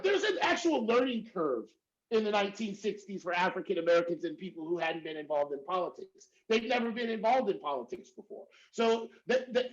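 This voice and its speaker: High-voiced man with emphatic "right?" asides. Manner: emphatic, repeats "right?" often. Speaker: professor and panelist. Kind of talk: panel discussion. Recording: dull lo-fi audio.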